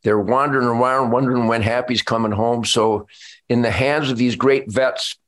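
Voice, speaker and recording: An older man speaks on a podcast, his voice heavy with emotion as he fights back tears. He strings words together in long, heartfelt lists, and his pitch sits in an ordinary middle range. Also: steady tone, moderate pace, fairly bright tone. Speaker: musician and show guest.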